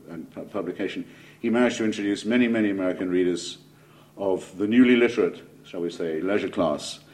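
A man with an English accent giving a public lecture, wry and digressive, with ironic asides and frequent self-corrections. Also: lowish voice. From England.

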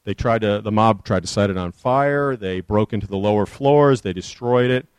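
Low-voiced man giving a history talk. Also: normal speed, clean tone, no room sound. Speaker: author giving a book talk.

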